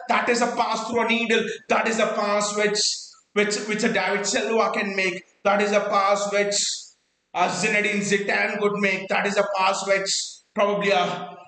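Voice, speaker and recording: A man hosting a live football watchalong, talking in excited bursts and repeating words as he stumbles, out of breath. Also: high-pitched, roomy sound, low-quality recording. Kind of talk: excited live fan reaction.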